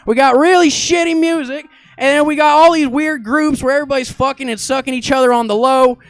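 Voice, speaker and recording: A man's voice: very high voice, steady tone, brisk, no echo. A man doing a character stand-up monologue on a comedy theater stage. He rambles with mock authority and keeps checking in with the crowd.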